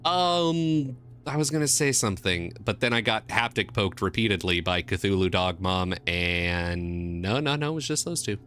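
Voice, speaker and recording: Male streamer, excitable casual chat, very lively pitch, soft music underneath. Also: normal speed, clear, resonant tone. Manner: excitable, jumps between mumbling and squealing.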